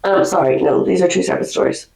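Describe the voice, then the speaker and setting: A woman co-hosting a podcast, telling stories in a chatty, animated way, a little under the weather from a cold. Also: on the low side, fast talker, vocal fry. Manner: chatty storyteller, animated quoting. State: recovering from a cold. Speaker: podcast co-host. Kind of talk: casual chat. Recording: echoey room.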